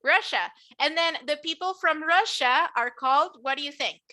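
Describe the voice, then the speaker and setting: Running a patient, encouraging pronunciation drill, this Spanish-speaking woman teaches English with careful enunciation. Her high voice sounds pushed and bright, at a normal speed.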